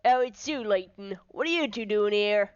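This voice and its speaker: A woman's voice: medium pitch, moderate pace, smooth, no echo, muffled recording, natural voice. A woman voicing a stern, bossy male police inspector in a video game who barks orders.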